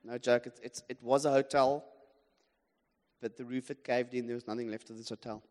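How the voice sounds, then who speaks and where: A man's voice: medium pitch, steady tone, a little fast, a little mellow. A man with a South African accent preaching a sermon, telling a story with animation and humor and putting questions to the congregation. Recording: long hall reverb.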